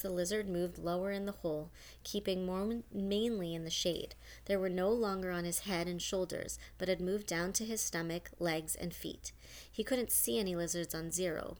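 A woman reading a novel aloud as an audiobook, steady with a few small restarts. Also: on the low side. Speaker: audiobook narrator.

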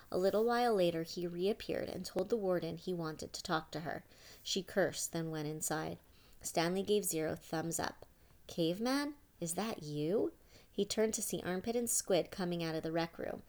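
A woman reading a story aloud in a steady storytelling manner. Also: on the low side. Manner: steady storytelling, voices each character. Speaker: audiobook narrator. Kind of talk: scripted narration.

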